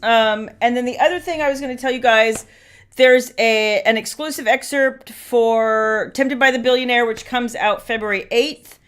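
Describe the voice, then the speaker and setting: A woman author hosting a casual live-stream chat with viewers, chatty and quick to laugh. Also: a little high, clear, resonant tone.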